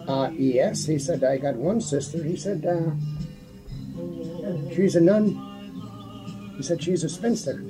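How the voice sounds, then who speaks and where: A man, a priest, telling a joke in a slow, drawn-out way. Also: a little high, music in the background, low-quality recording.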